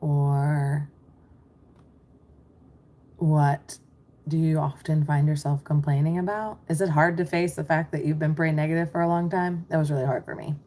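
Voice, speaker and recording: A lower-pitched woman talks straight into her computer mic on a livestream. She is a middle-aged American business coach, chatty and reassuring, answering viewers as she reads the chat.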